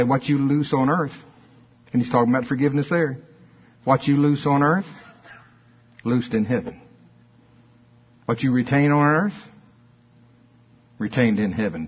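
A man's voice: medium pitch, breathy edge, highs cut off. A man preaching a sermon in a church, moving between emphatic questions and folksy asides. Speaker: pastor.

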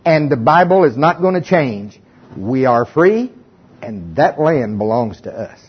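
A male pastor preaching a sermon with animated, folksy storytelling and humor, in a dull lo-fi recording. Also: fairly high pitch, husky.

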